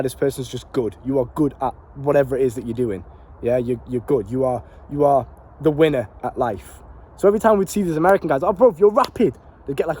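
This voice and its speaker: Fast-talking young man, slangy. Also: on the high side. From Britain. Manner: animated and swearing, slangy and repetitive. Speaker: vlogger and life coach. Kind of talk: casual motivational monologue.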